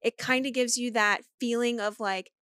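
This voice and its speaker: High-voiced woman, casual podcast chat. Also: normal speed, clear, resonant tone, no echo, clean studio sound. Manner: loud, swears a lot, animated storytelling. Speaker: podcast co-host.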